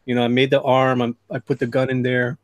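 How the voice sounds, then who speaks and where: A man's voice: mid-range voice, completely flat delivery, fast talker, no echo. A man hosting a casual livestream chat while he draws. He jokes with and teases his guests. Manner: joking, teasing. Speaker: host.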